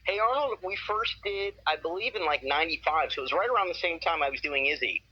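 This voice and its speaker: A man's voice: fairly high pitch, lively intonation, fast, slightly rough, no echo. A man in his forties, a voice actor telling stories in a casual interview with an upbeat, enthusiastic manner. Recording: muffled with faint noise.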